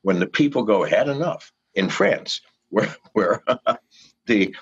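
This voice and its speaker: An older man giving an interview, fiery and profane, swinging from low mutters to shouted pleas. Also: animated, slow pace. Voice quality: gravelly and husky. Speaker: guest. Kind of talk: impassioned interview rant. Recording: dull lo-fi call audio.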